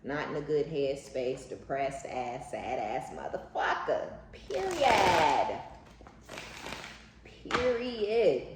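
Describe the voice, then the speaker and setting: A woman's voice: very deep voice, a little slow, hardly any pauses. A woman giving a casual tarot reading, blunt and profane, with a playful, laughing manner. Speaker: tarot card reader. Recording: echoey room with faint background noise.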